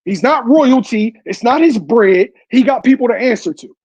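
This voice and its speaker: A man's voice: very high voice, animated, moderate pace, darkish tone, breathy edge, dry recording, highs cut off. A man co-hosting a casual online talk show, pressing his point and cutting others off to break it down. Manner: insistent, keeps cutting in to make his point. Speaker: podcast host. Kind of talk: casual debate chat.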